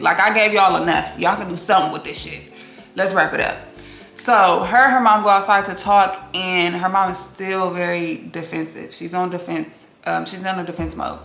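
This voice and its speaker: A woman giving a casual, candid recap of a reality TV episode, expressive and quick to swear. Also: fairly low pitch, gravelly. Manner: candid, expressive, swears freely, acts out quotes. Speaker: TV recap host. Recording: roomy echo with faint music behind.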